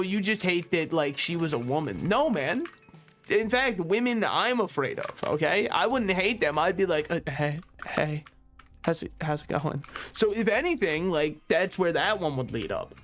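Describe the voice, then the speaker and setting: A young man streaming a game, chatting casually and ranting animatedly with quick asides and frequent laughs. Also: high-pitched, fairly bright tone. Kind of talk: casual gaming stream chat.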